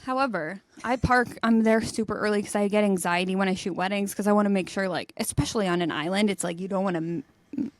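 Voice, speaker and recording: A young adult woman co-hosting a podcast, telling stories in a lively way and laughing as she goes. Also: mid-range voice, quick pace, few pauses, no echo. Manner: animated storyteller, laughs mid-sentence. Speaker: podcast co-host. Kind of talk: casual chat.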